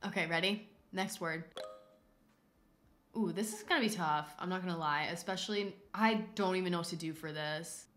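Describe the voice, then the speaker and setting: A woman streaming a drawing game, chatting casually and excitably, rambling with lots of "like" and loud exclamations. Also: lowish voice, normal speed. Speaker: livestreamer. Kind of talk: casual livestream chat while drawing. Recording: roomy echo.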